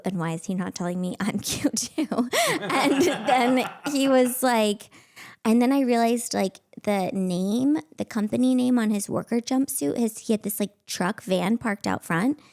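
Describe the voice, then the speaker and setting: A woman's voice: medium pitch, creaky, a little mellow. A woman in her thirties hosting a podcast, telling a story in a chatty, self-mocking way with plenty of filler words. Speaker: podcast host. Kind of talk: casual storytelling.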